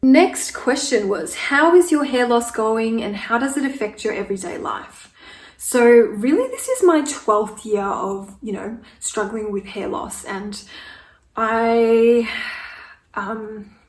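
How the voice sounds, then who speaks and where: A woman's voice: on the high side, sing-song, unhurried. A woman in her twenties doing a get-ready-with-me Q&A while applying makeup, speaking candidly and growing emotional. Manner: candid, emotional, tearful at times. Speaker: beauty vlogger. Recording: echoey room from a distance with faint noise.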